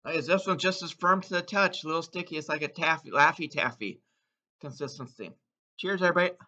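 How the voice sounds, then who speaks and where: A man taste-testing candy in a casual vlog, exuberant, letting out whoops between slow, savoring remarks. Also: on the high side, pushed and bright, lo-fi sound. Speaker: candy taste-test vlogger. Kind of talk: casual taste-test commentary.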